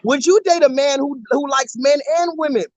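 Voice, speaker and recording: A livestreamer with a very high voice strolls around on his phone, speaking at normal speed and repeatedly nudging viewers to leave comments in the chat. He's animated and keeps repeating himself. There's no room sound, and the recording is muffled.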